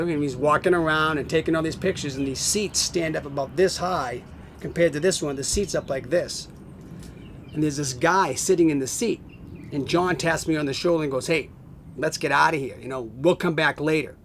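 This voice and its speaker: A middle-aged man casually telling a long story, animated, acting out what others said and laughing often, recorded on a home video camera. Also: on the high side, a little hiss or hum. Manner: animated, acts out quoted voices, laughs often. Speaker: family friend telling stories.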